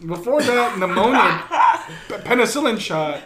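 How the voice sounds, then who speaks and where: A man's voice: animated, moderate pace, echoey room, over a noisy crowd. A man who is a podcast guest, telling profane stories and laughing as he goes. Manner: laughing, profane storytelling that swings high and low. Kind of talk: casual chat, storytelling.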